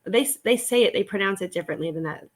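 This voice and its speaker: Chatty, excitable woman streaming live. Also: medium pitch, fast talker. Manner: chatty and excitable, reads viewer comments aloud and greets them by name; laughs often, rambling restarts. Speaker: reseller hosting a live stream. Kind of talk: casual live-stream chat while working.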